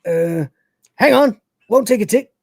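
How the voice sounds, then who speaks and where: A podcast host putting on the voice of a dim, drug-happy male mechanoid with a slow country drawl. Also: mid-range voice, lively intonation, vocal fry, no room sound, studio quality, voice pushed up. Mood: dopey. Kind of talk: retelling an episode in character.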